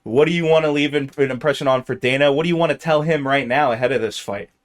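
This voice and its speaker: Male interviewer, mid-pitched, earnest, eager, restarts his phrasing. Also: fast. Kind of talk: interview questions.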